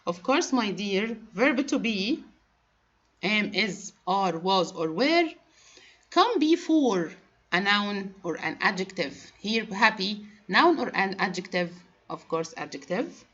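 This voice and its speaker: Woman teacher, first language Arabic, unhurried, patient, spells out letters, muffled lo-fi sound. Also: mid-range voice, expressive, fairly bright tone. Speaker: English teacher. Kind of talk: classroom grammar lesson. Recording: dull lo-fi recording.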